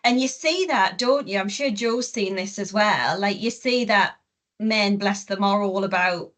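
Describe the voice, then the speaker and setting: A woman and angling coach hosting a casual group chat, encouraging and quick to agree with her guests. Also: medium pitch, a bit bright.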